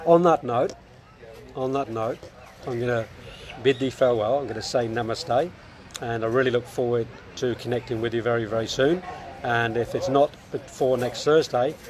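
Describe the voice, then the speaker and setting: Male life coach, mid-range voice, energetic repeated questions, live stream recorded outside among chattering diners. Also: medium pitch. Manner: upbeat, repetitive, questioning. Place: outdoors next to a lunch table. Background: people chatting and laughing nearby.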